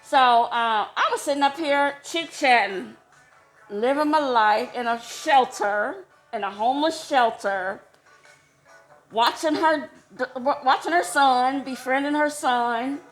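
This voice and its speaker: A woman tells a personal story in an easy, unhurried way, laughing often. Her voice sits a little high and climbs into squeals when she gets excited. Soft music plays faintly behind her. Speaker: vlogger. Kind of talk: casual storytelling. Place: homeless shelter.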